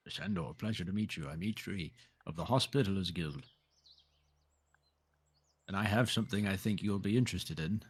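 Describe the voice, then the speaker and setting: A man voicing a courteous adult male dwarf adventurer in his own plain, low-pitched voice, with no accent put on. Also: normal speed, long pauses, slightly rough. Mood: polite.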